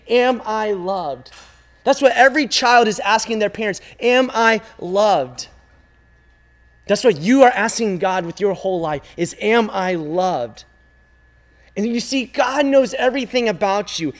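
Youth pastor, male, higher voice, emphatic repetitive preaching with pauses. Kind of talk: sermon.

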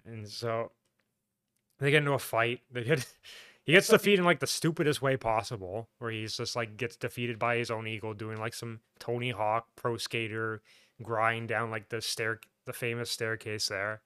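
A podcast co-host with a mid-range, smooth, sharp-toned voice speaks steadily at normal speed, recapping a film in a loose, casual chat. He rambles, laughs, restarts and says "like" a lot. The audio is studio quality with no echo.

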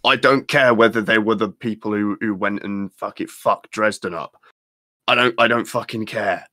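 A man's voice: fairly low pitch, steady tone, normal speed, sharp tone, no echo, studio quality. A man in casual chat who rambles, stammers on restarts and swears often.

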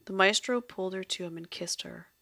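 A woman narrating an audio drama in a measured storytelling way. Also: mid-range voice, gravelly, bright, forceful tone, no room sound.

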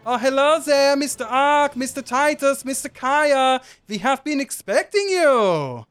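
A man voicing a tiny, friendly male ice gnome who manages a resort, fawning and effusive in a high, strained put-on voice. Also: expressive, unhurried, a bit bright, faint music behind, heavily acted. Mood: welcoming. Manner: effusive, fawning, repeats welcomes.

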